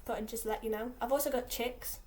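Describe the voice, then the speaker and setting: A woman's voice: a little high, steady tone, fast, a little mellow, a little hiss or hum. A teenage girl from England chatting aimlessly in a casual vlog, full of fillers and restarts. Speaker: vlogger. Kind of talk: rambling casual vlog chat.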